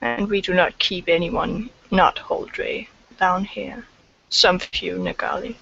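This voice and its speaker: A woman voicing a calm, stern elder male healer in a tabletop role-play. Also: lowish voice, slow, creaky, highs cut off, full character voice.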